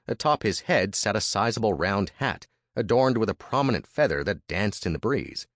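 Deep, lively male storyteller, dry close recording. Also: normal speed, no room sound. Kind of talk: first-person audiobook narration.

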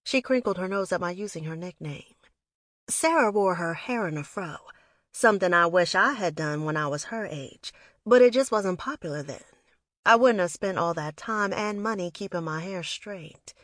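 A woman's voice: on the low side, lively intonation, moderate pace, no echo, clean studio sound. A woman reading a first-person story aloud in a reflective, wistful manner. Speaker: audiobook narrator. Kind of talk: first-person scripted narration.

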